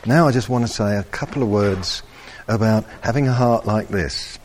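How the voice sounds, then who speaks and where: A man preaching a sermon, slow and animated, rising to loud emphatic peaks. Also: fairly low pitch, slight background noise.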